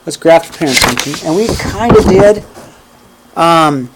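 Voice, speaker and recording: A man's voice: fairly high pitch, expressive, measured pace, very noisy. A man teaching math to a class, counting points aloud and often checking in with "okay?" and "right?". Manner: counts steps aloud while graphing. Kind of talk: classroom lecture.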